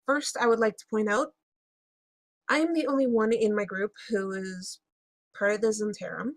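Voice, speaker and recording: A woman's voice: mid-range voice, fairly even intonation, normal speed, no echo. A woman playing a tabletop role-playing game in character, talking with frequent hesitations and fillers. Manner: hesitant, many fillers and restarts. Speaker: player.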